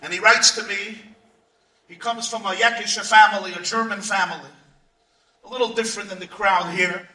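A man preaching as a rabbi, telling stories with sudden shouts and hushed asides. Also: high voice, steady tone, fairly quick. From United States. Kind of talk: sermon. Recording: echoey room, far from mic.

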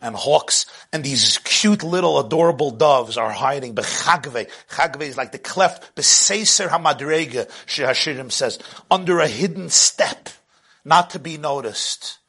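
A man giving a sermon as a religious teacher, animated, swinging from hushed asides to loud bursts and laughing at his own jokes. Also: fairly high pitch, unhurried, husky.

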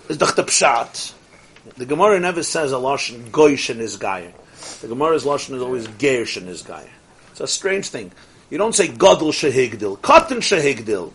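A man teaching a Torah lecture as a rabbi. He mixes Yiddish and Hebrew terms into his English and swings from soft asides to rising exclamations. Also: medium pitch, animated, moderate pace, husky.

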